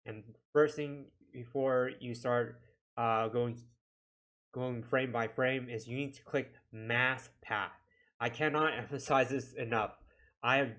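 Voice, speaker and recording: Slow-talking man walking through an edit. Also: mid-range voice, fairly bright tone. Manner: chatty, talks himself through each click, self-deprecating. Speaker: video editing instructor. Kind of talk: casual screen-recorded software tutorial.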